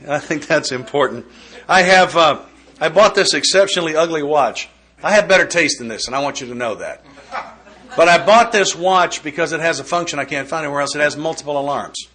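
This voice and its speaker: Bright-voiced folksy man giving a talk. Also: on the high side, animated, fairly quick. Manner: folksy, joking, conversational. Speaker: workshop speaker. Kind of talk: recovery step study talk.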